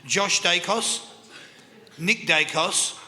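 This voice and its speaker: A man's voice: high-pitched, very slow, bright, forceful tone. An Australian man hosting a live quiz segment on a panel show, upbeat and chatty, laughing often. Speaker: quiz host. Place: country club function room. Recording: reverberant hall with crowd noise.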